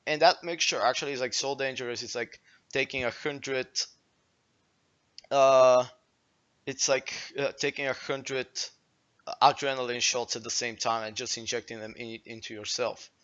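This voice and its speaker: A man's voice: mid-range voice, fairly even intonation, moderate pace, fairly bright tone, lo-fi sound. A young man in his late teens with a Bulgarian accent, a native Bulgarian speaker, telling a story to his stream chat in a rambling way, full of fillers and swearing.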